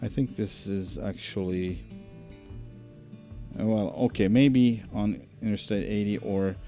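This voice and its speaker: Male streamer, low-pitched, loose unscripted commentary full of fillers over background music. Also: steady tone, measured pace, warm tone, dull audio. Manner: rambling, thinks aloud with many fillers. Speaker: game streamer. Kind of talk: casual live-stream commentary.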